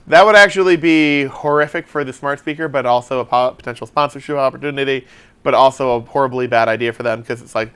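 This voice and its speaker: A man's voice: mid-range voice, fast talker, a bit bright, clean tone. A man co-hosting a casual comedy talk show, joking around animatedly and swearing freely. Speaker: co-host.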